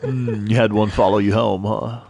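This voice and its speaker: A man with a very low, gravelly voice speaking slowly and lazily. He chats casually while playing, and crowd noise hums behind him. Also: fairly even intonation. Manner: laid-back, brief replies. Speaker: co-host playing the game. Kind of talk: casual chat over gameplay.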